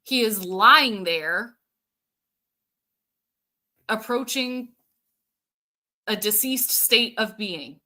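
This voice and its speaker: A woman's voice: a little high, lively intonation, very slow, long pauses, bright, forceful tone. A woman hosting a casual livestream, chatting and answering viewer comments while thinking aloud with plenty of fillers. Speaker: show host.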